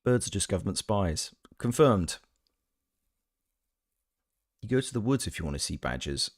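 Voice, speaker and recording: A man's voice: lowish voice, very animated, moderate pace, slightly rough. A man chatting casually on a game stream, reading his chat aloud with playful, joking asides. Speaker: gaming streamer and voice actor.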